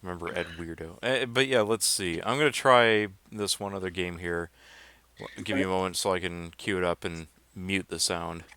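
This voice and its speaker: Man, low dry voice; laid-back rambling streamer. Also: normal speed, sharp tone, clean tone, no room sound. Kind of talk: casual livestream chat.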